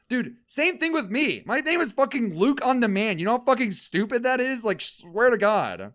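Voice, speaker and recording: A young man co-hosting a podcast, ranting in casual chat with lots of swearing and sudden loud, high bursts. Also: sing-song, moderate pace, hardly any pauses, dry recording, clean studio sound. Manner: ranting, heavy swearing, swings loud and high when worked up. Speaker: podcast co-host.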